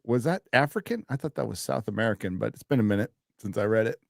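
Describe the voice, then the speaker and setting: A man co-hosting a casual chat, animated and quick to laugh. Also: fairly low pitch, vocal fry, no echo, clean studio sound. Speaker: podcast co-host.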